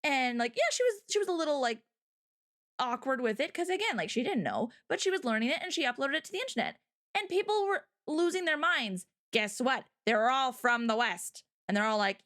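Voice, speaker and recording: Woman, high voice, very lively pitch, casual livestream rant, heated, animated. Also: fairly quick. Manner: heated, ranting. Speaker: co-host.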